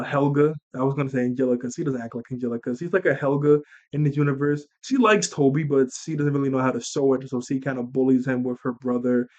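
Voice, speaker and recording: A young man casually recapping a movie he watched as a kid, rambling, animated and laughing as he acts out lines. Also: medium pitch, highs cut off. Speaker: movie reviewer.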